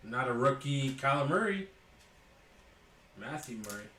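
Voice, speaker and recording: A man's voice: mid-range voice, very animated, measured pace, sharp tone, reverberant, distant mic, a little hiss or hum. A man hosting a live sports card break, calling out each card as he opens packs and chatting with viewers by name. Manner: calls out cards as he opens packs, jokes and talks to viewers by name.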